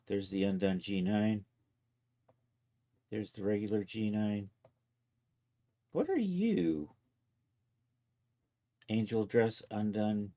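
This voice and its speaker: A man livestreaming his 3D art work in a casual, chatty way, talking to viewers and to his software as he goes and chuckling often. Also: on the low side. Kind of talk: casual live-stream commentary.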